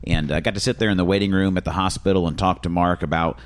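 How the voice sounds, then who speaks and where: A man's voice: deep voice, fairly even intonation, fast. A man hosting a casual podcast, talking in an upbeat, rambling way with frequent restarts. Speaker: podcast host.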